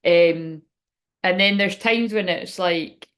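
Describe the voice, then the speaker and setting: A woman's voice: on the low side, slow, a bit bright. A woman speaking as a spiritual reader in a rambling, frank livestream chat, swearing now and then.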